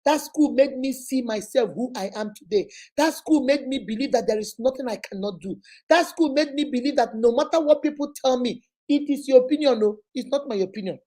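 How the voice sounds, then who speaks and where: A woman with a Nigerian accent telling personal stories in a lively way, acting out what her family said and dropping in Igbo words. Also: high-pitched, a little fast, hardly any pauses. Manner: animated, acts out quoted family members; drops Igbo words into speech. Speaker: motivational vlogger. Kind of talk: personal storytelling monologue.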